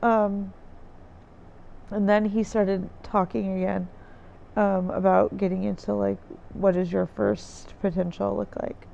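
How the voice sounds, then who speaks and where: A woman's voice: mid-range voice, level tone, slow, gravelly, mellow, highs cut off, a little hiss or hum. A woman vlogger recapping her experience in a casual diary style, rambling and searching for words with many fillers, recorded in a dim room indoors. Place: dim room indoors by a window with trees outside.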